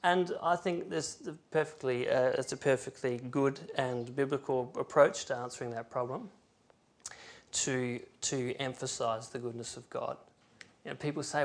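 Guy preaching a sermon, reads bible verses, gets loud then quiet, normal pitch. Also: normal speed. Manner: emphatic, rising and falling loudness, reads scripture aloud.

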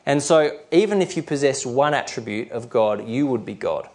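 A middle-aged man delivers a sermon at an even, mid-range pitch. He explains each point plainly, with the odd filler and restart, and slows right down to read scripture verses carefully. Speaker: preacher.

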